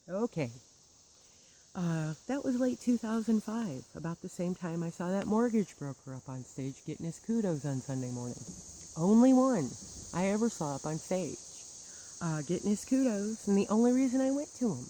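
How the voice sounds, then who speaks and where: A woman's voice: mid-range voice, animated, moderate pace, warm tone, slight background noise, low-quality recording. A woman telling a personal grievance story in a bitter, sarcastic monologue with wry laughs. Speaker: churchgoer recounting grievances.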